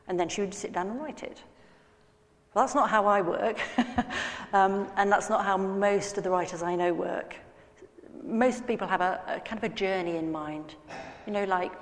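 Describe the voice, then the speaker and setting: Chatty woman in an echoey hall. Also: fairly low pitch. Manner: self-deprecating, chatty storytelling. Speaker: novelist giving a talk. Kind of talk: anecdotal talk to an audience.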